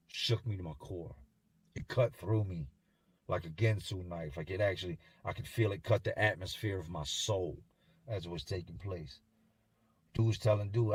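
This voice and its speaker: Husky-voiced man telling a somber story. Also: low-pitched, darkish tone, dry recording. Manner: somber, haunted, halting. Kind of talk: first-person storytelling.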